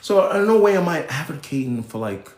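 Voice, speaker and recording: Young male livestream host from Nigeria, rambling and animated, raised pitch, echoey room. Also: a little fast. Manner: animated, rambling, self-interrupting. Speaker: live show host. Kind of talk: casual livestream commentary.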